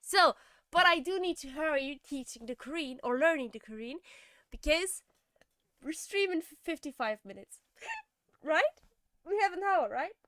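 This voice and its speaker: Young woman, high and clear voice, tired casual streamer, chatty, mumbles asides, dry close mic. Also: animated, moderate pace, pauses often, pushed and bright, no echo. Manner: chatty, laughing often, drops to a mumble. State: tired, sleepy. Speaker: streamer learning Korean. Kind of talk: casual live-stream chat.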